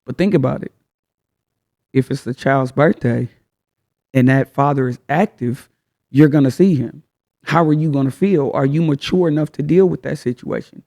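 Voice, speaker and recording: Frank guy talking casual advice, gravelly voice, mellow tone, lots of questions. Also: mid-range voice, normal speed. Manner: frank, animated, slangy, rhetorical questions. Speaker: host.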